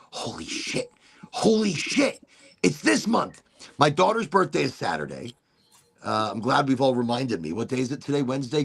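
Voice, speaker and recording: A man's voice: medium pitch, creaky, slightly rough. A middle-aged man hosting a casual chat show, rambling freely with laughs and swearing. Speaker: podcast host.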